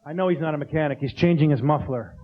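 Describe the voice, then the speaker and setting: A man doing a stand-up comedy routine on a theater stage, animated and full of mimicked sounds. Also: fairly high pitch, fast. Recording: dull lo-fi tape with noise.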